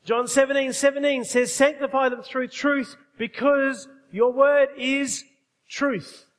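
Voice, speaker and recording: A man delivers a sermon with emphasis, often stopping to put questions to his congregation. His voice sits very high for a man. The long reverb of a large hall trails behind every phrase. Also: steady tone, slow pace. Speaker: pastor.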